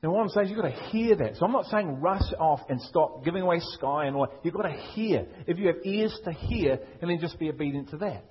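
Emphatic Liverpool pastor, husky and a bit high, on a dull church recording. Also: male voice, animated, fairly quick, few pauses. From England. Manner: emphatic, rhetorical questions, repetitive preaching. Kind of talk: sermon.

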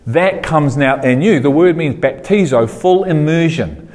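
A man preaching a sermon to a congregation, asking questions and repeating phrases, getting louder and higher when he gets going. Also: measured pace, big-room sound. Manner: animated preaching, rising in pitch when fired up.

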